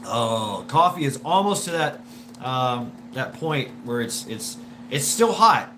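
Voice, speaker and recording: A man's voice: medium pitch, sing-song, slow pace, noisy background. A man hosting a casual livestream, rambling and stammering with lots of swearing while he answers viewer comments, with a wheezy smoker's voice. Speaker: livestream host.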